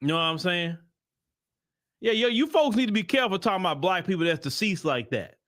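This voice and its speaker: A man's voice: high voice, lively intonation, brisk, a bit bright, dry recording, studio quality. Man ranting in a rambling commentary. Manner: heated, rambling with repeated restarts. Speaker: host and commentator. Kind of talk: livestream commentary.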